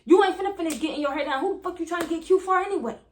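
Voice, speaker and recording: A woman voicing a big, angry, aggressive boyfriend who shouts profane threats. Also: extremely high pitch, fairly even intonation, a little fast, reverberant, a little hiss or hum, voice pushed up. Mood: furious.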